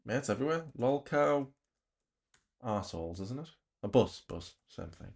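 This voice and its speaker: A man's voice: on the high side, very animated, normal speed. A man reacting to a livestream, talking bluntly with an exasperated, ranting manner. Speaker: reaction commentator.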